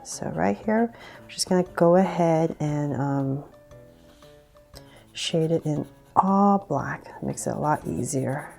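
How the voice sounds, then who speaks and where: Drawing-tutorial host: woman, slow and lowish, chatty, laughs at her own slips, soft music under her. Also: creaky. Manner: chatty, giggly, self-deprecating, many ums. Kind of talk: casual drawing tutorial narration.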